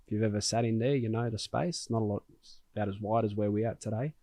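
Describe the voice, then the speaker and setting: A man's voice: lowish voice, fairly even intonation, fast talker, warm tone, no room sound. A man hosting a podcast, telling a personal story in an earnest, heartfelt way with frequent restarts. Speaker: podcast host. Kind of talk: conversational storytelling.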